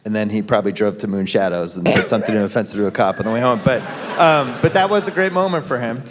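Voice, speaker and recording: Animated man hosting a live podcast. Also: lowish voice, fast talker, a crowd in the background. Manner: animated, handing out mock awards and calling on panelists. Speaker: podcast host. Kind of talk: casual chat on a live podcast panel. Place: live stage in a concert venue.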